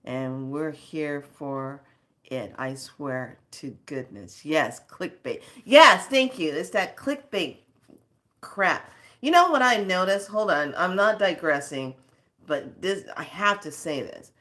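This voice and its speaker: A woman's voice: low voice, lively intonation, takes it slowly, fairly bright tone. A woman hosting a spiritual video channel, scolding her viewers in casual talk, rambling off on tangents and laughing between stories.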